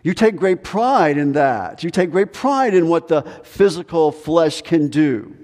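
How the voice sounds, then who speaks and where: A male pastor preaching a sermon with emphatic repetition and dramatic pauses. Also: a little high, expressive, darkish tone, big-room sound. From United States.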